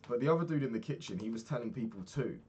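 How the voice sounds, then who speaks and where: A man's voice: medium pitch, animated, racing, a little mellow, slightly rough, muffled recording. A young man telling a personal story in a casual, candid way, swearing freely and acting out the people he quotes. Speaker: podcast host.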